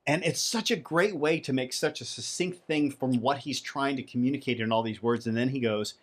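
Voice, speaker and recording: A man's voice: mid-range voice, a little fast. A man co-hosting a podcast, chatting in a playful, talkative way. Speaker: podcast co-host. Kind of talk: casual podcast chat.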